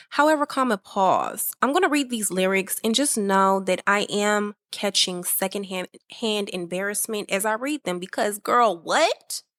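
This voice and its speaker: A woman hosting a casual music review podcast, chatty and animated, acting out how her friends react. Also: medium pitch, no echo, clean studio sound. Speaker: podcast host.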